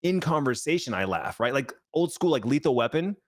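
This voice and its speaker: Fast-talking man in casual podcast chat. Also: medium pitch, very animated. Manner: fast, filler-heavy, swearing. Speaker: podcast co-host.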